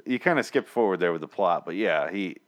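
A man hosting a casual chat, ranting in a profane, animated way. His voice sits a little low. He talks loosely, with restarts. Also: a little fast. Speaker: podcast host. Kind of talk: casual chat reviewing a TV episode.

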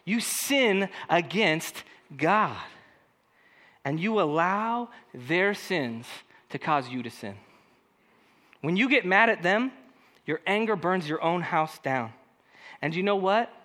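Animated bright-voiced male pastor. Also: high voice, slow, long pauses. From California. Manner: conversational, animated, acts out quoted voices. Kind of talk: sermon.

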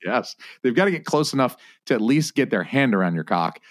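A man's voice: medium pitch, sing-song, brisk, dry recording, clean studio sound. A man hosting a podcast in casual chat, full of joking, crude banter. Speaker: podcast host.

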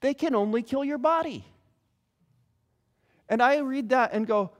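A middle-aged man preaching a sermon, telling stories with animated delivery and acting out the voices of others. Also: very high-pitched, unhurried. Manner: animated storytelling, acts out quoted voices. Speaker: pastor.

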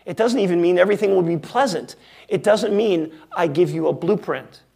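A male pastor preaching a sermon in a wry, conversational way with emphatic pauses. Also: high-pitched, vocal fry, mellow, breathy edge.

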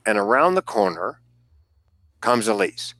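A comedian telling an animated story in casual conversation, acting out the voices of the people in it and swearing freely. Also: male voice, fairly low pitch, measured pace, no room sound. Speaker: guest comedian.

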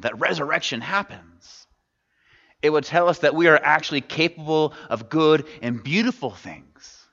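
A man's voice: mid-range voice, a bit bright. A man preaching a sermon, talking in a conversational way and putting questions to the congregation. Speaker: pastor. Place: church sanctuary. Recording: dull sound in a large reverberant hall.

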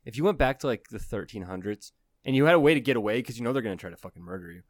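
A man's voice: medium pitch, animated, rapid-fire, no echo, clean studio sound. Rambling profane male podcast co-host. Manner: rambling, profane, laughs often. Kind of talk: casual comedy podcast chat.

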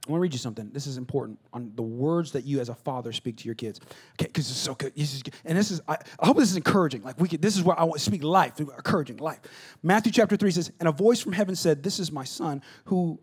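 A man preaching a conversational sermon, acting out little dialogues and swinging between loud bursts and hushed asides. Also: a little high, fast talker, few pauses, husky. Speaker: pastor.

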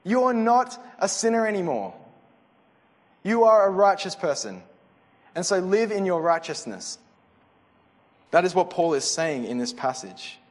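A man's voice: sits high, very animated, measured pace, long pauses. A young man giving a sermon, earnest and conversational, often restarting his sentences. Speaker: preacher. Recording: reverberant hall.

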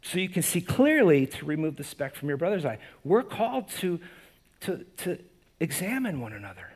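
A man preaching a conversational sermon as a pastor, animated and often restarting and repeating words. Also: on the high side, moderate pace, husky.

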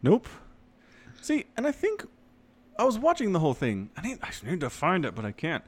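A man in his thirties co-hosting a podcast, chatting casually and animatedly, his voice leaping up when excited. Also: moderate pace. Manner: animated, jumps high in pitch when excited. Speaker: podcast co-host.

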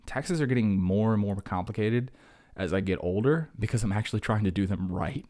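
Young male podcast host, lowish voice, chatty solo monologue, rambling and self-deprecating. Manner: rambling, animated, self-mocking.

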